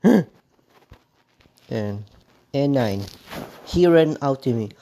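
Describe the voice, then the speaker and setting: A man's voice: medium pitch, expressive, dark tone. A man ranting in a vlog monologue, stumbling over and repeating his words in an aggrieved, accusing way. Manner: halting, repetitive, stumbling phrasing. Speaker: vlogger.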